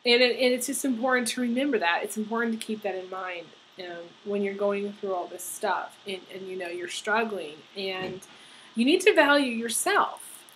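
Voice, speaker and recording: A woman giving a tarot horoscope reading, earnest and halting, with many fillers and restarts. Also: mid-range voice, fairly bright tone, slight background noise, low-quality recording. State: getting emotional. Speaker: tarot reader.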